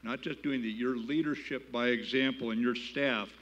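A man's voice: mid-range voice, fairly even intonation, normal speed, fairly bright tone, highs cut off. Older man giving a plain-spoken keynote. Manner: plain-spoken, folksy, building to emphatic patriotic appeals. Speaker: keynote speaker. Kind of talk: storytelling speech. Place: gala banquet hall.

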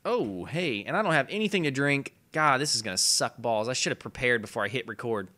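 A young man with a hoarse voice from a cold, rambling and swearing casually through his video game commentary. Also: mid-range voice, expressive, brisk, pushed and bright. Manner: rambling, profane, laughs at himself. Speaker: let's play host.

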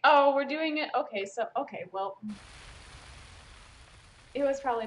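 A young woman streaming a video game live, chatting and reacting as she plays, flustered and excited at times. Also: high voice, normal speed, poor audio.

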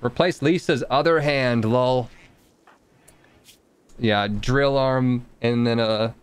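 A man's voice: medium pitch, slow pace, clean tone. A man streaming a colony game, giving casual, joking commentary and muttering to himself as he plays.

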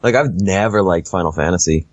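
A man co-hosting a casual podcast, deadpan and easygoing, who laughs often. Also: low-pitched, a little fast, no echo, highs cut off. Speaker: podcast co-host.

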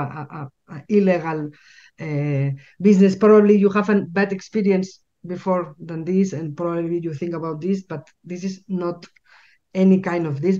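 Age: adult. Sex: woman. Native language: Spanish. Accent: Spanish. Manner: halting, repeats words. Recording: lo-fi. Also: lowish voice. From Spain. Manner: animated, halting, repeats words while searching for English. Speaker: guest. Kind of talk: casual interview storytelling.

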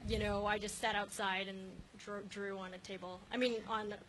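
A woman of twenty doing a stand-up set in a comedy club, halting and giggly, full of ums. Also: mid-range voice, little pitch movement. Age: 20s. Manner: halting, filler-heavy, giggly delivery. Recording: faint room noise in a comedy club.

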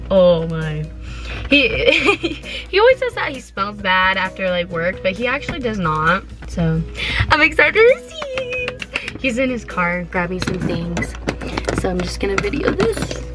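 A teenage girl vlogging from her parked car, chatty and excitable, giggling often and filling her talk with "like.". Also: mid-range voice. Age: teens. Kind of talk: casual vlog chat. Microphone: handheld camera.

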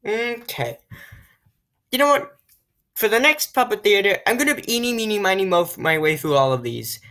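A woman's voice: mid-range voice, expressive, moderate pace, fairly bright tone. A woman gaming YouTuber giving casual commentary as she plays, chatting and muttering to herself while she picks options.

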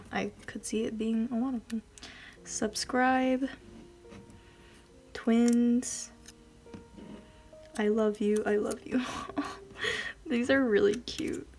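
Gushing young woman with a gravelly edge. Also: medium pitch. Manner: gushing, giggly, often drops to soft whispers. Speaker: vlogger. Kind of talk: casual unboxing chat.

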